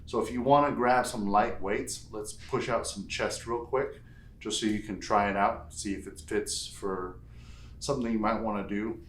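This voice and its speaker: A fitness instructor guides a home strength workout, counting reps aloud and tossing in playful asides. His voice is fairly low with fairly even intonation and a moderate pace. The room is echoey, and there's a little hiss or hum.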